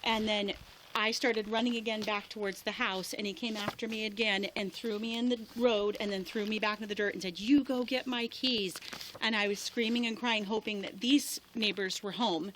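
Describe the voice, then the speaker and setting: Upset woman telling a cop what happened, halting and shaky, noisy bodycam audio outside. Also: mid-range voice, fairly even intonation, a bit bright. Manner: halting, shaken, with many restarts. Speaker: person reporting an assault to police. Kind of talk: spoken statement to an officer. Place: outdoors by a rural road.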